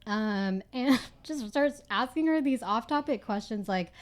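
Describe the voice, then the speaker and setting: A young woman with a slightly high voice talks through a book chapter with her co-host. Her chat is casual and lively, and she laughs easily as she acts out quoted lines. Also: normal speed, hardly any pauses. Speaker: podcast co-host.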